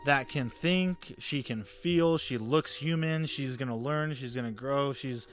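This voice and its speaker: A man's voice: mid-range voice, a little slow, fairly bright tone. A man co-hosting a podcast, casually recapping an episode, laughing often, swearing and acting out characters' lines. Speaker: podcast co-host.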